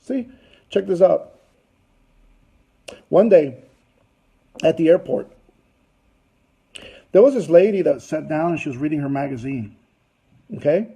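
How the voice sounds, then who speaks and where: A man tells a rambling story to a business audience in a fairly high, husky voice. His tone is mellow rather than bright, and his telling is loose and chatty, full of fillers and asides. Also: a little slow, long pauses, rough recording. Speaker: business presenter.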